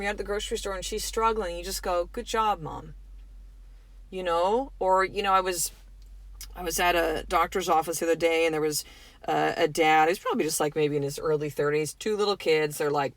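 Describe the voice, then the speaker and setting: A woman's voice: mid-range voice, fairly bright tone, no echo. A middle-aged woman hosting her own podcast, talking in a casual, earnest, motivational way, full of fillers and the odd swear word. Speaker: podcast host. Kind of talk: motivational solo podcast talk.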